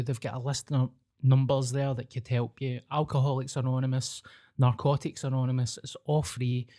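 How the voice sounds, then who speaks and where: A man's voice: medium pitch, dark tone. A man with a Scottish accent co-hosting a podcast, chatting casually, blunt and jokey, swearing freely. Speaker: podcast co-host. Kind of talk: casual chat.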